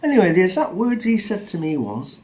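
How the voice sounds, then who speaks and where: A man's voice: high-pitched, very animated, fairly quick, darkish tone. A man in his fifties telling a story as a vlogger, blunt and sweary, rambling with many restarts. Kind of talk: casual storytelling rant.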